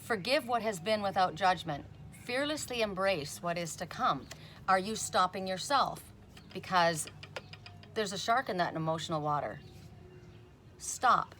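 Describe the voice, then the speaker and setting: A woman's voice: mid-range voice, animated, a little slow, sharp tone, a little hiss or hum. A woman giving a casual spoken oracle card reading. She chats, often tags on "right?", and breaks off with sudden emphatic "Stop.".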